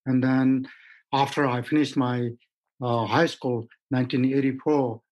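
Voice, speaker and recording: A man in his fifties from Nepal answers interview questions as a mountaineer guest. He speaks haltingly, with many fillers and plain, simple phrasing. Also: medium pitch, steady tone, a little mellow, highs cut off.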